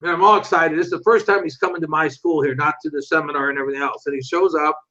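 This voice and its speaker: An older man with a high-pitched voice tells animated stories in a casual interview. He acts out what other people said and swears freely. The recording sounds muffled and lo-fi. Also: racing. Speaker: interview guest, martial arts instructor. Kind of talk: casual storytelling.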